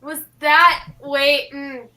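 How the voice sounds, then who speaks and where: A woman with a high, bright voice plays along in an online trivia game. She thinks aloud through her guesses, hesitating and backtracking before she commits. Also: flat delivery, extremely slow. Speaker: quiz contestant. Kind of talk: casual chat on a video call.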